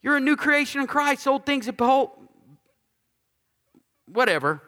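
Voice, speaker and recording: A male pastor with a high, bright, forceful voice preaches in a lively, joking, conversational way. He drives points home by repeating lines, and his voice rings with the long reverb of a large church hall. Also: normal speed. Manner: repeats key lines for emphasis. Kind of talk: sermon.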